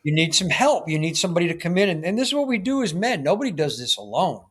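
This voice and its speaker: A man's voice: sits high, very animated, fast, a bit bright, breathy edge. A man, a guest on a podcast interview, speaking earnestly and emphatically as a men's coach, often checking in with "right?".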